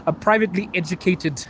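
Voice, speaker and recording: A man's voice: high-pitched, fairly bright tone. Young Zimbabwean man, slightly American-sounding English, playful livestream host reading comments, faint street noise. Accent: American-leaning English. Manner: chatty, laughs often, playful. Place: outdoors on a city street at night.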